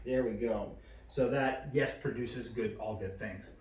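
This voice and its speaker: A man teaching dog training in a casual, filler-heavy way, now and then switching to a high, bright praise voice. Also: a little slow. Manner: casual, many fillers, raises pitch for praise voice. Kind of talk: instructional demonstration. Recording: echoey, from a distance.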